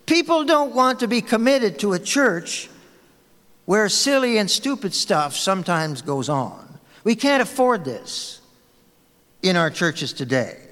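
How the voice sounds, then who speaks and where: A man's voice: high voice, big pitch swings, a little slow, long reverb tail. A man preaching a sermon as a pastor, telling anecdotes in a conversational way to his congregation. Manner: storytelling, conversational, warm anecdotes.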